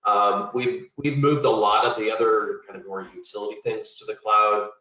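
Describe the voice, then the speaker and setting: A man's voice: on the low side, fairly even intonation, moderate pace, pushed and bright. A man, a technology executive, introducing himself on an online panel in a matter-of-fact way. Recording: roomy, distant, muffled call audio.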